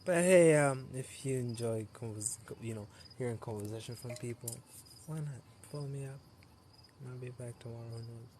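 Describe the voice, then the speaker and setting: Late at night, a young man streams live from a handheld phone, chatting casually with his viewers in a tired, loose, easygoing way and laughing quickly between thoughts. His voice is middle-pitched for a man and a little mellow. Faint crickets and the hum of night air sit in the background.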